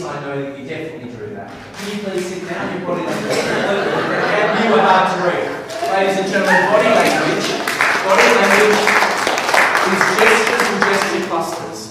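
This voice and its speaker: A man giving an energetic, playful stage talk on body language to a live audience and directing them as he goes. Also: fairly high pitch, heavy background noise. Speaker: professional speaker. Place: large hall with a live audience. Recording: echoey hall recorded from far off.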